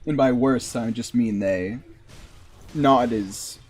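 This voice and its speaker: A man's voice: medium pitch, takes it slowly, slightly rough. A man streaming a game, chatting casually and rambling with lots of "like". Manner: rambling, heavy use of "like". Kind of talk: casual live-stream commentary.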